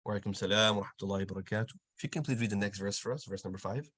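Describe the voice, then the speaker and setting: A man teaching Quran recitation over a video call, patiently correcting students and slowly demonstrating sounds. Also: lowish voice, fairly bright tone, slightly rough. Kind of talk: online tajweed lesson, giving corrections.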